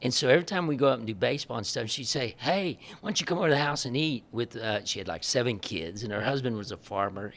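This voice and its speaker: A man, a missionary guest telling lively stories in an interview and acting out the dialogue, often laughing. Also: mid-range voice. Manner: animated, laughing storyteller who acts out quoted dialogue. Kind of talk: storytelling in a podcast interview.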